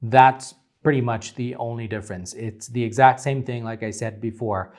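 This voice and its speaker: A man's voice: mid-range voice, fairly even intonation, normal speed, darkish tone. A man teaching phonetics in a patient lecture, with many ums and uhs. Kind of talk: lecture explaining vowel charts.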